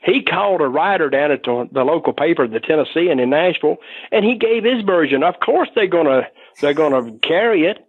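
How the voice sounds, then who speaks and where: A man's voice: a little high, expressive, brisk, slightly rough, no echo, narrow, tinny audio. An older man casually telling a rambling anecdote, swearing freely and chuckling as he goes. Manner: rambling, salty, chuckling storyteller. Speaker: storytelling guest. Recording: noisy background.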